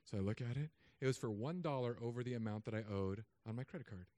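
A man in his thirties, a pastor, preaching a sermon with humor and animated storytelling asides. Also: mid-range voice, fast talker, dry recording.

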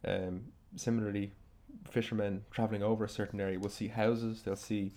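Fast-talking man with a gravelly low voice. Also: little pitch movement, darkish tone. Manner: thoughtful, talks quickly with hesitations. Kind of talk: academic conversation.

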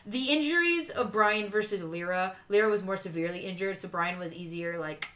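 A woman's voice: medium pitch, fairly quick, sharp tone. A woman in casual, rambling conversation who often acts out quoted lines. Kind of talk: casual chat.

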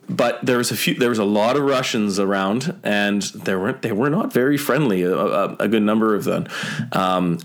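A young Canadian man telling stories in a casual chat, rambling with many fillers and the odd swear word. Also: fairly low pitch. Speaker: guest.

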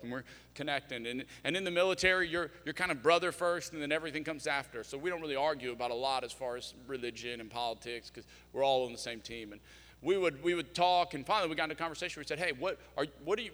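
A man's voice: on the high side, pushed and bright. A pastor in his thirties preaching a sermon in a conversational, storytelling way, acting out both sides of the conversations he recalls. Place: church sanctuary. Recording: long church-hall reverb.

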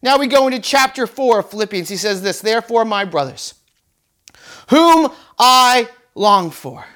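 A man delivering a sermon in a loose, conversational way, restarting phrases and repeating words as he goes. He now and then sinks into a hushed whisper to make a point. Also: very high voice, sing-song, moderate pace. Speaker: pastor.

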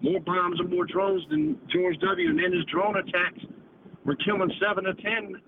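A man's voice: sits high, lively intonation, normal speed. A man calling in to a talk show, rambling and profane, ending nearly every phrase with "man". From United States. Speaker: caller. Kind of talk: casual call-in chat. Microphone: phone call. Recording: tinny phone line with noise.

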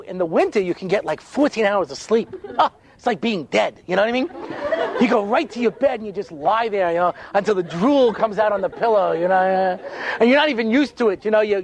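Fast, animated storytelling rabbi. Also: male voice, high-pitched. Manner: animated, quick asides, acts out voices. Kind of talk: humorous storytelling talk.

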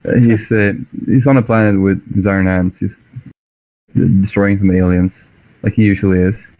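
Animated low-voiced man chatting. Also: moderate pace, dry recording, rough recording. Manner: animated storyteller, acts out lines with laughs. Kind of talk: casual chat about books.

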